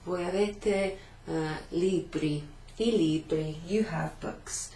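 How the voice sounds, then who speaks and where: A woman teacher reviews a beginner class in a slow, patient way, repeating phrases and turning to write on a board. Her voice sits a little low. The room adds a noticeable echo and a faint hum underneath. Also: mellow. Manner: writes on a board while talking, turning away at times. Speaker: language teacher. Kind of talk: recap of a beginner Italian class.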